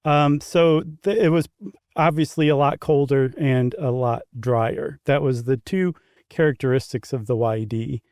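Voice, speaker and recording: This podcast co-host speaks unhurriedly in a mid-range voice that is darkish, clear and resonant, recorded in studio quality without echo. He keeps the chat casual, explaining things with chuckles and loose asides.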